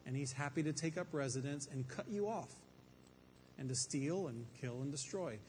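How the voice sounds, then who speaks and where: A man's voice: a little high, moderate pace, a little mellow. Guy preaching a bible study to a room, chatty but emphatic, bit of hiss in the background. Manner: conversational, emphatic, rhetorical questions. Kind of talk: sermon with Bible teaching. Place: room with an audience. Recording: faint reverb and background noise.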